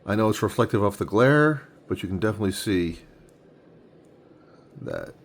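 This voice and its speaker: A man's voice: on the low side, expressive, moderate pace, vocal fry, a little hiss or hum. A man in his forties casually unboxing comics, thinking aloud with enthusiasm as he handles each one. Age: 40s. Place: home room with a tripod-mounted camera.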